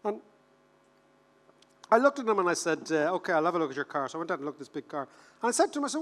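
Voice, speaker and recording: Irish man, fifties, high voice, joking keynote speaker, long hall echo. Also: racing, long pauses. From Ireland. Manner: animated, joking, repeats words for rhythm. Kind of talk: humorous conference keynote. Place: large conference hall. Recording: reverberant conference hall.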